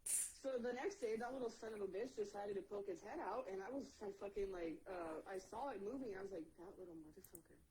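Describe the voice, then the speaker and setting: Fast-talking woman telling profane stories. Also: mid-range voice, dark tone, slight background noise, low-quality recording. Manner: profane anecdotes, acts out quoted dialogue. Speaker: podcast co-host. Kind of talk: casual storytelling.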